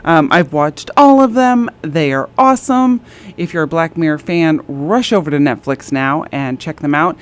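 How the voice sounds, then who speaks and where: Brief: woman radio co-host, lower pitch, very lively swings, chatty and laughing, college radio studio, faint music underneath. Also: normal speed. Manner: animated, chatty, laughs often. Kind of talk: casual chat.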